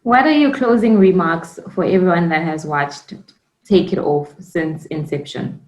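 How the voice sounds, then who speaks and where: A woman's voice: on the low side, animated, a little slow, darkish tone, roomy sound, slight background noise. A young South African woman co-hosting a podcast, talking casually and emphatically. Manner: laughing, emphatic, advice-giving. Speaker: podcast co-host.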